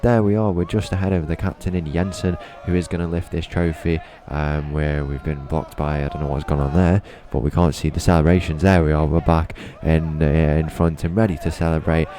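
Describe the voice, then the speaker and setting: A man's voice: extremely low pitch, fairly even intonation, a little fast, hardly any pauses, warm tone, soft background music. A young man commentating his own football video game match, with rhetorical questions and frequent repeated words. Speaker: gaming YouTuber.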